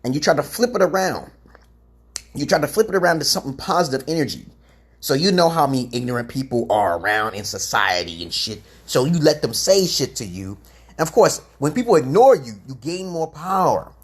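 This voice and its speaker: A man's voice: on the high side, sing-song, brisk, husky. A man rambling through a preachy livestream monologue on a webcam mic, swearing freely and greeting chat viewers as he goes. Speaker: livestream host giving self-styled advice.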